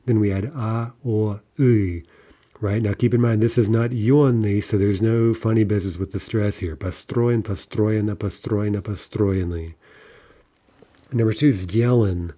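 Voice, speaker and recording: A man teaching a Russian grammar lesson, explaining word forms slowly and checking in with "right?" as he goes. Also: lowish voice, steady tone, warm tone.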